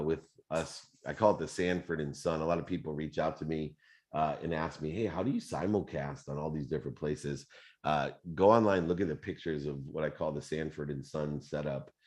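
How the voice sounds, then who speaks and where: A man in his fifties hosting a live motivational Q&A, talking in an animated, conversational way with plenty of fillers. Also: rumbling low. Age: 50s. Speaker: host.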